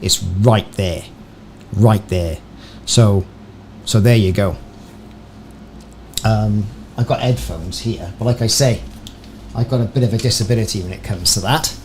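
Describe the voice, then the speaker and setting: Unhurried and fairly low, with a darkish tone and long pauses, this gaming streamer chats casually and self-deprecatingly on his live stream. He speaks into a desk podcast microphone from a small home room, where faint fan noise can be heard.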